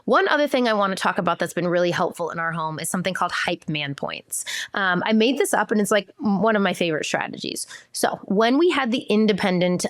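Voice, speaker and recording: A woman in her thirties hosting a podcast, talking in a casual, explanatory way with lots of "like" and lively quoted voices. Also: mid-range voice, dry recording, clean studio sound. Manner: animated, quick shifts into acted-out quotes; chatty, filler "like" and restarts. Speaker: podcast host.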